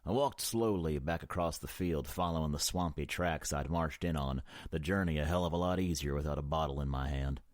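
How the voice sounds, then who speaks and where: A male audiobook narrator with an extremely low voice who reads in a measured, brooding way. The sound is dry and close-miked, without any room echo. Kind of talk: first-person audiobook narration.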